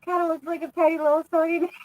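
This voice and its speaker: A woman's voice: very high-pitched, dry recording, narrow, tinny audio. A woman in her thirties chatting casually on a stream, rambling through stories, swearing and laughing often. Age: 30s. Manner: laughing, crude, rambling storyteller. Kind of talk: casual group chat.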